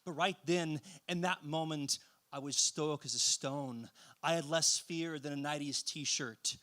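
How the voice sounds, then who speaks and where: A man's voice: fairly high pitch, steady tone, unhurried, bright, forceful tone. A man telling a polished story at an open mic with wry, crafted phrasing.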